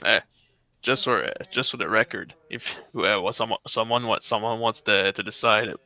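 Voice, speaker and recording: A man in his twenties, a guest gaming on a casual call, halting and terse. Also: fairly low pitch, fairly even intonation, sharp tone. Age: 20s. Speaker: guest gamer. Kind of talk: casual chat while gaming.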